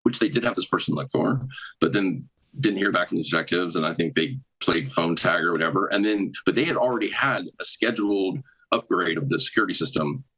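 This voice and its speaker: A man's voice: low voice, lively intonation, brisk, fairly bright tone, husky, low-quality recording. A man retelling case details in a rambling, run-on way.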